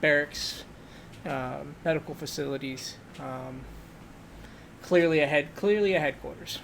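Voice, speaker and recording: Running a tabletop game, a man narrates in a relaxed, unhurried way with many fillers. His voice is a little high and gravelly, with slight background noise behind it.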